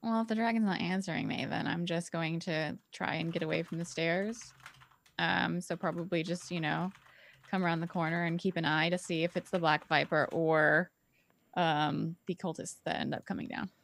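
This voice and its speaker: A woman's voice: on the low side, fairly even intonation, moderate pace, creaky, a bit bright. A woman playing in a tabletop game, talking in a dry, sarcastic way. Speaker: player. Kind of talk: tabletop role-play.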